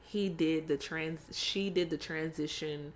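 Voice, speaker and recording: A woman's voice: low voice, steady tone, a little hiss or hum. A young woman co-hosting a casual chat podcast, telling funny stories with lots of laughter. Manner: storytelling with laughter, quick asides. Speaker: podcast co-host.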